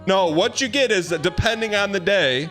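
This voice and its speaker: A man in his thirties, a streamer telling a rambling, animated story in casual chat with comic exaggeration. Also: high voice, normal speed, faint music behind.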